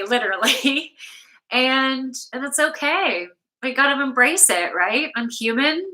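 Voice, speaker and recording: A yoga instructor from Toronto, Canada, with a high, sharp voice chats casually and candidly on a live stream from a room at home. She swears freely and laughs often, though the audio quality is poor.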